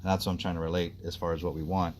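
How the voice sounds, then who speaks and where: A man working as a dog trainer, coaching an owner outdoors in an animated, explanatory way. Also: deep voice, rapid-fire, slight background noise. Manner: explanatory, animated, acts out the dog's thoughts.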